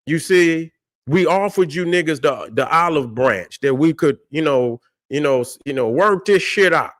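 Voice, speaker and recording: A man's voice: a little high, expressive, moderate pace, a bit bright, no echo, studio quality. A man hosting a livestream, ranting in a combative, profane way and answering chat, with a constant refrain checking that listeners follow. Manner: combative, profane, keeps repeating "you see what I'm saying". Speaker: livestream host.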